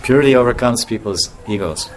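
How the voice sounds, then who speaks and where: A man's voice: medium pitch, fairly quick. Male spiritual teacher, casual rambling talk, frequent chuckles, acts out voices; mid-range voice, faint background noise. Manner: chuckling often, rambling with restarts.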